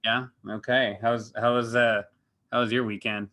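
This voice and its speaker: A man hosting a casual film review chat, swearing a lot and ranting with mocking, animated energy. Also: medium pitch. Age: adult with a young daughter. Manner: profane, animated, mocking, quick reversals. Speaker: podcast host.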